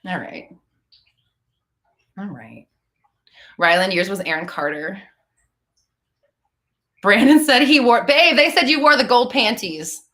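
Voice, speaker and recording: A bright-voiced woman in her thirties chatting casually on a live stream. Her pitch swings widely as she rambles through stories, swearing freely. Her tone stays clear and forward. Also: lively intonation, slow, pauses often. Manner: profane, rambling, laughing storyteller. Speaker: podcast host answering live chat.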